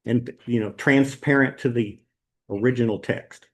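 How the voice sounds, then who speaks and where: A man's voice: mid-range voice, steady tone, measured pace. A man teaching a Bible class at church, talking casually with ums and rhetorical questions as he walks through slides.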